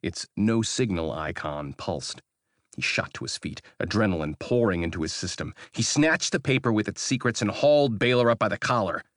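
A man reading narration from a science fiction audiobook in a measured storytelling manner. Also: lowish voice, expressive, no echo, studio quality. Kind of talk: scripted narration.

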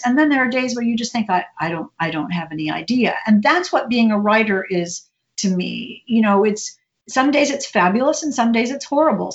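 Chatty woman author on a lo-fi line. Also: medium pitch. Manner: animated, chatty, many restarts. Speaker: author and reporter guest. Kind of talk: casual interview talk.

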